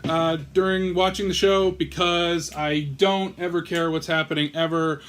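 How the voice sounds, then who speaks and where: Male vlog host, high voice, loopy and foul-mouthed, worn out, rambling comedic review. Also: level tone, unhurried, a bit bright, slight background noise. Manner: profane, rambling, self-mocking and a bit loopy. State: tired from a marathon of viewing. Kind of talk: casual comedic rant to camera.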